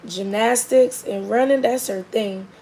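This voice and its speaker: Brief: young mom, gravelly voice, chatty, faint hiss behind. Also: female voice, on the high side, measured pace, low-quality recording. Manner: animated, chatty, lots of fillers. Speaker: mother. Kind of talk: casual storytelling chat. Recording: faint background noise.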